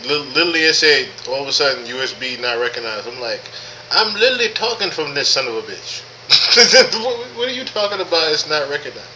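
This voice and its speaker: A man's voice: a little high, very animated, fast, pushed and bright, a little hiss or hum, rough recording. A man hosting a live podcast stream, talking casually with lots of profanity, repeating himself and greeting chat viewers by name. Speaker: podcast host.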